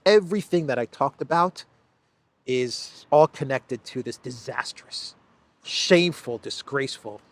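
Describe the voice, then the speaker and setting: A man's voice: medium pitch, no echo. A man hosting a solo news commentary, talking in an emphatic, sarcastic way with frequent restarts. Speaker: political commentary host.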